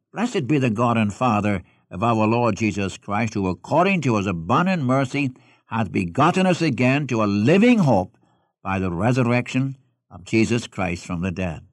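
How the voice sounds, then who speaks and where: A man preaching at a middle pitch, reading scripture aloud and then pressing his listeners with direct questions. The recording is dry and close, with no room sound around his voice. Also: no echo. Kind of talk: expository sermon.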